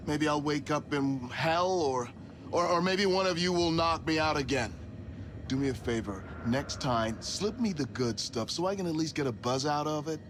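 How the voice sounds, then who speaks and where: A man's voice: fairly high pitch, background noise, natural voice. An actor playing a sardonic male corporate CEO who grumbles sarcastically, heard as game audio.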